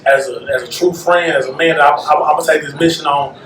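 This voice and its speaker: Man, podcast host, slangy laid-back chat, says bro a lot, slightly high voice, echoey room. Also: steady tone, fast talker, a bit bright, slight background noise. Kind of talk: casual chat. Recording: roomy echo.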